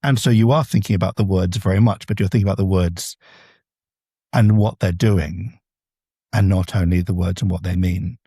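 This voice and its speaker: A man's voice: low voice, steady tone, moderate pace, warm tone, slightly rough, no echo, studio quality. A man, a translator, explaining his craft in a podcast interview, thoughtful and full of examples. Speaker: translator guest.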